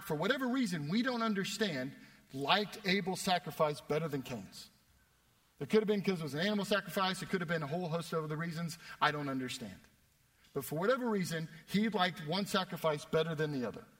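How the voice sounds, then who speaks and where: A young man preaching a sermon, telling a self-deprecating story with animated delivery. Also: fairly high pitch. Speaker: pastor. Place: church worship space. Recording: long reverb of a church hall.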